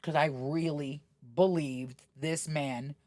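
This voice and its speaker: A middle-aged woman guesting on a podcast speaks slowly in a deep voice, telling stories bluntly, swearing freely and animatedly acting out quoted voices. The casual interview has studio-quality sound with no room sound.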